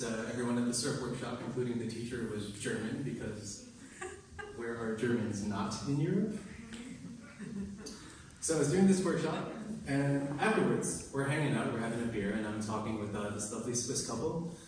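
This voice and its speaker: A man's voice: mid-range voice, moderate pace, darkish tone, slight background noise. A young American man performing impromptu stand-up comedy, talking to the crowd in a crude, exasperated way. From United States. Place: open mic venue. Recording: echoey room, distant mic, crowd ambience.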